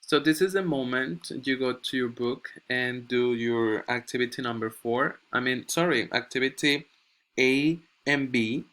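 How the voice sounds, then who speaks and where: Slow, bright-voiced male English teacher. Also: medium pitch. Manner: checks in with frequent "okay?"; reads textbook examples aloud. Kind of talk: recorded grammar lesson.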